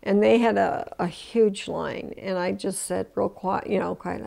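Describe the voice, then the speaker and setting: A woman's voice: mid-range voice, fairly even intonation, measured pace, gravelly, hardly any pauses, dark tone. An older woman in an oral history interview, telling her story with emotion, restarting often and acting out the voices she quotes. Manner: emotional retelling with many restarts.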